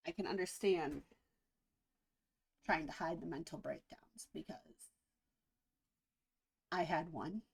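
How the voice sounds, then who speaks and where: Husky-voiced woman musing earnestly. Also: low voice. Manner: earnest, reflective, halting with pauses. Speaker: reaction video host. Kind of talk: casual spoken reaction commentary.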